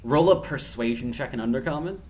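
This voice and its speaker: A man's voice: mid-range voice, expressive, brisk, a little mellow, a little hiss or hum. A man narrating as game master for a tabletop game, rambling with lots of fillers and laughing along with his players.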